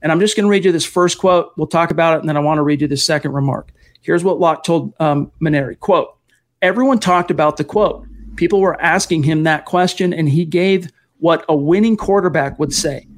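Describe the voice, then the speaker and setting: Podcast host, male, a bit high, loose and long-winded. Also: brisk. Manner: long-winded, detours and self-corrections. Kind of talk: casual sports podcast chat.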